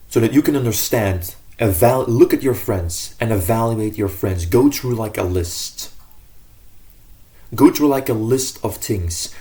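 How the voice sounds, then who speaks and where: A man's voice: mid-range voice, warm tone. A man giving casual self-improvement advice to camera in an earnest, rambling way, often correcting himself mid-sentence.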